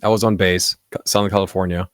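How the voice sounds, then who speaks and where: A man's voice: deep voice, fast talker, no room sound, studio quality. A man who grew up in Alaska, telling stories in a casual podcast chat and acting out the voices of people in them. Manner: animated storyteller, acts out voices in quotes. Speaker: podcast guest.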